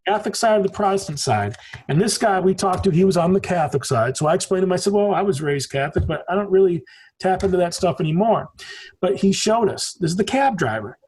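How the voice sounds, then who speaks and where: A man's voice: high-pitched, expressive, quick pace, a little mellow, slightly rough. A man in his forties from the United States, a podcast guest telling stories in a rambling, emphatic way and swearing freely. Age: 40s. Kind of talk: casual conversation.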